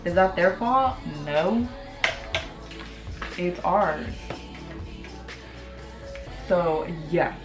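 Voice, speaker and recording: A woman's voice: lowish voice, animated, extremely slow, pauses often, music in the background. Chatty woman vlogging in an echoey room. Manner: chatty, candid, frequent "like" fillers, swears casually. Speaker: beauty vlogger. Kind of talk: casual get-ready-with-me chat. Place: home room while doing makeup.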